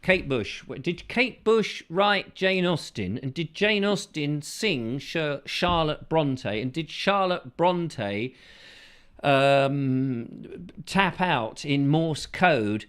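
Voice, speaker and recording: A man hosting a casual chat show, reading out viewer comments with playful, silly asides and sudden falsetto bursts. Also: animated, extremely slow, a bit bright, clean tone.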